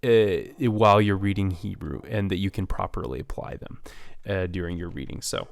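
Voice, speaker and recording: Low-voiced teacher, halting and dry. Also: male voice, vocal fry, no room sound. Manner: halting, many fillers and restarts. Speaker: Hebrew teacher. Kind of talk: recorded online lesson.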